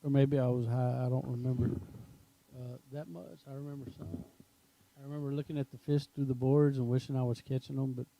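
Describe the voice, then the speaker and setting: A man's voice: mid-range voice, level tone, fairly quick, vocal fry, dark tone, rough recording. A man, co-hosting a podcast in casual chat, rambling and crude in his jokes. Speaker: podcast co-host.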